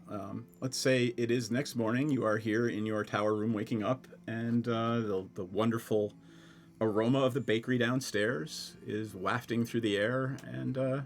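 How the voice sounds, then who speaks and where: A man from Scranton, Pennsylvania, narrating as game master of a tabletop game, playful and halting with many fillers. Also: mid-range voice.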